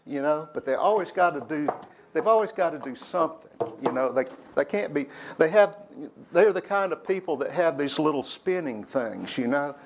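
A man's voice: mid-range voice, a little hiss or hum. An older man telling candid personal stories to young people. He rambles a little and acts out old quarrels by raising his voice. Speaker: speaker addressing young people. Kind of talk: personal storytelling talk.

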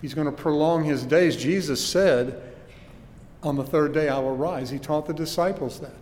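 A man's voice: a little high, moderate pace, darkish tone. Preaching man with a hall echo. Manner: earnest preaching, varied emphasis, rhetorical questions. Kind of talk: sermon.

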